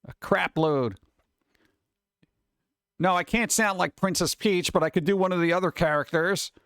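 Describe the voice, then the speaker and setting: A man's voice: high voice, moderate pace, fairly bright tone, no echo, clean studio sound. A man streaming live, chatting casually and rambling while answering his viewers. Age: adult.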